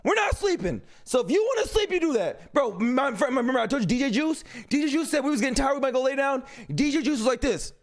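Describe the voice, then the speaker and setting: A man hosting a live stream, commenting loudly and emphatically, with frequent swearing. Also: very high-pitched, very animated, quick pace, few pauses. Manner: loud, emphatic, swearing, interrupting. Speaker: streamer host.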